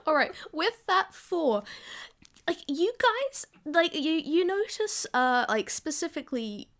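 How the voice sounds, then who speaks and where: A woman's voice: sits high, very animated, takes it slowly, fairly bright tone. A woman running a tabletop game as game master, narrating with giggles and casual swearing.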